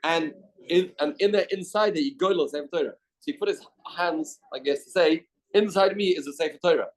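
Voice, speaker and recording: With a fairly high pitch and a slightly fast pace, a Canadian man teaches his daily Talmud class. In the study hall he reads the text aloud, explains it in English, and voices the dialogue as he goes.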